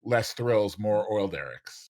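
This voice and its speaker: A podcast co-host in casual chat, filling in background with quick interjections. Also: low voice, animated, darkish tone.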